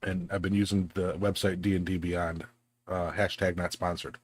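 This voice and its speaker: A man's voice: low-pitched, little pitch movement, normal speed. A man hosting a podcast in casual, joking chat, full of fillers and restarts. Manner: laid-back, filler-heavy and joking. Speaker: podcast host.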